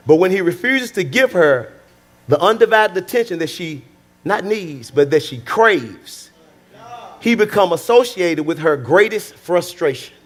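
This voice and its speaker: A man's voice: high voice, expressive, unhurried. Male pastor preaching. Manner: conversational, repetitive, calls out to the congregation. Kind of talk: sermon.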